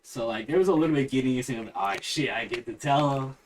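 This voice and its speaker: Male podcast guest, mid-pitched everyday voice, laid-back, curses often, lively when telling stories. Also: fast talker, a crowd in the background. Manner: relaxed, swears freely, animated when retelling. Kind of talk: casual podcast chat.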